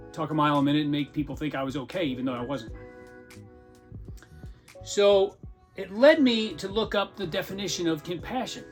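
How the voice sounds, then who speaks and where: A man talks frankly and casually into the mic, his voice sitting a little above the usual male range. He keeps it conversational and pokes fun at himself with dry humor. Soft music plays quietly behind him. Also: fairly high pitch. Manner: frank, self-deprecating, conversational with wry humor. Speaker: podcast host. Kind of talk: candid personal monologue.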